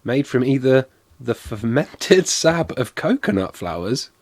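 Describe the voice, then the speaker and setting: During a casual live-stream taste test, an Englishman with a mid-range, sing-song, slightly slow voice is coughing because something went down the wrong way. He's loose and self-deprecating and uses plenty of fillers.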